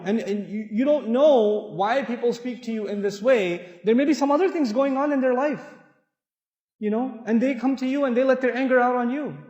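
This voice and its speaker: A man giving a lively lecture in a mosque, telling anecdotes and acting out the people in them. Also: very high-pitched, highs cut off. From Pakistan. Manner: animated storyteller, acts out quoted people, laughs. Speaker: preacher. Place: mosque hall. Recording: echoey hall reverb.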